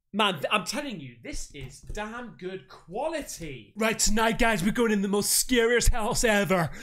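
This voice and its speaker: A man hosting an excited unboxing chat, excitable, with loud exclamations, calling everyone mate. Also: very high-pitched. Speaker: paranormal YouTuber.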